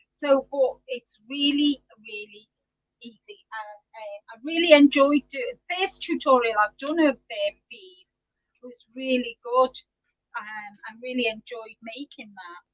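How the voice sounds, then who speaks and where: A woman's voice: sits high, a little slow, a bit bright, low-quality recording. A middle-aged woman hosting a live knitting podcast, chatty and giggly, greeting viewers by name. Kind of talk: casual live-stream chat.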